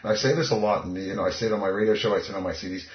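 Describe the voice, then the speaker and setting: A man's voice: lowish voice, rapid-fire. A man talking as a dating coach in an interview, cocky and emphatic. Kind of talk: casual interview talk. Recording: echoey, muffled lo-fi recording.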